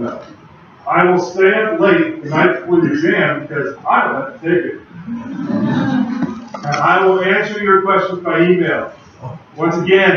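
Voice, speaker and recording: A man giving a university lecture in a casual, conversational way, chatting with the class and adding asides. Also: sits high. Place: large lecture hall. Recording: very echoey hall, voice far from the mic, dull lo-fi sound, faint background hum.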